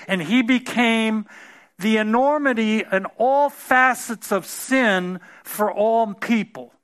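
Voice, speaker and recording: With a high, fairly bright, clear and resonant voice, a preacher in his fifties or older delivers an emphatic, drawn-out sermon. Folksy, casual asides pepper it, and he laughs as he tells his own anecdotes.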